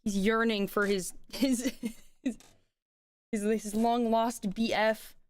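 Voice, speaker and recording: A woman's voice: fairly high pitch, steady tone, slow. A young woman streamer chatting casually while playing a game, giggling often and swearing freely. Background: loud game music.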